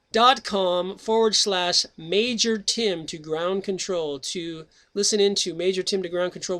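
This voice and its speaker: A man's voice: sits high, fairly bright tone. A middle-aged man hosting his own radio show, talking in a chatty, jokey way that jumps between topics before reading a book aloud. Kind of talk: rambling casual monologue and reading aloud.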